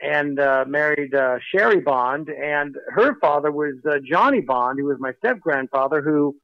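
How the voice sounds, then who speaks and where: Talkative male guest, slight lisp, higher voice, dull dry speakerphone line. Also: animated, vocal fry, dry recording. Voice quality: slight lisp from dental work. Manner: chatty, rambling, running fast on coffee. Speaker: podcast guest. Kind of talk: casual chat over speakerphone.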